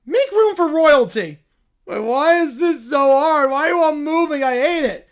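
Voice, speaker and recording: A man's voice: very high voice, lively intonation, normal speed, pitched above the performer's own voice. A man voicing a spoiled, bratty child who thinks he is royalty, whining and petulant. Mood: demanding. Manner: whiny, petulant.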